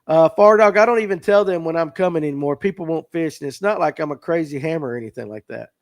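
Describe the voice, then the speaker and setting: A man's voice: a little high, expressive, fast. A man hosting a fishing podcast livestream, chatting casually and reading out viewer comments in a folksy way. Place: tackle shop.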